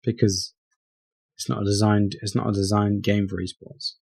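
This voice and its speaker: A man's voice: fairly low pitch, flat delivery, moderate pace, creaky, a little mellow, breathy edge. A man co-hosting a casual gaming podcast, talking in a blunt, dry way. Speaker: podcast co-host.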